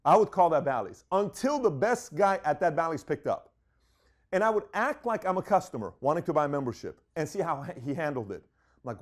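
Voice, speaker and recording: Man, emphatic business talk, storyteller, slightly high voice. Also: big pitch swings, fairly quick. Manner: emphatic, storytelling, acts out quotes. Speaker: business speaker.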